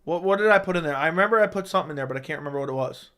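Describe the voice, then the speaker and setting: A man hosting a casual livestream, reading viewer questions out loud and answering them in a chatty, joking way. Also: a little high, very fast, clear, resonant tone. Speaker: livestream host.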